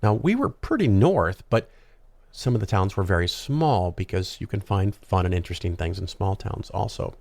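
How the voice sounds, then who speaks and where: Male podcast host, deep gravelly voice, rambling casual monologue, dry close recording. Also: expressive, normal speed, darkish tone, no room sound. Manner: rambling, conversational, frequent ums and asides.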